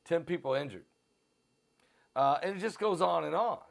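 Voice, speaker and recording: Gravelly American Midwestern man, urgent pitch. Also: animated, moderate pace. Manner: repetitive, urgent sales pitch with fillers. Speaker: host of a prophecy channel. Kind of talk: live-stream promotion and commentary. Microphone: on camera.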